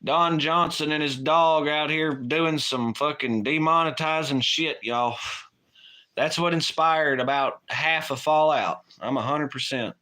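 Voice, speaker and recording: Bright-voiced, profane man on a livestream. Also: a little high, unhurried. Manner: rambling, profane, laughs often. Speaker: livestream co-host. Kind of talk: casual late-night chat.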